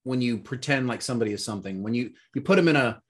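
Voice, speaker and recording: A man's voice: medium pitch, lively intonation, very fast, slightly rough. A man co-hosting a casual movie review chat, rambling and searching for words with lots of fillers. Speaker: podcast co-host.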